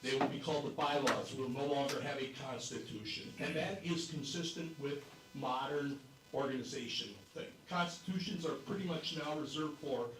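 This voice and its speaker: A man's voice: fairly high pitch, a bit bright. Distant man explaining bylaws in a hall. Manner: measured, explanatory. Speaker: committee chair presenting bylaws. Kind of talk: convention floor presentation. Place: convention hall. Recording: echoey hall, distant mic, faint noise.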